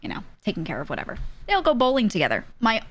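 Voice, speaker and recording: A woman's voice: on the high side, huge pitch swings, racing. A woman streamer telling a story casually, laughing often between lines, candid and swearing freely.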